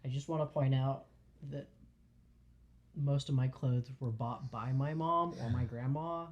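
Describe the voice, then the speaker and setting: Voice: mid-range voice, steady tone, measured pace, lo-fi sound. A podcast co-host in casual chat, answering with short agreeing replies and self-deprecating remarks.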